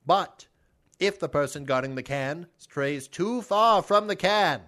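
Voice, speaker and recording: A man's voice: a little high, animated, a little slow, a bit bright, pitched above the performer's own voice. A man voicing a pompous old-timey male explainer who declaims in a formal, stately way. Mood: grandiose.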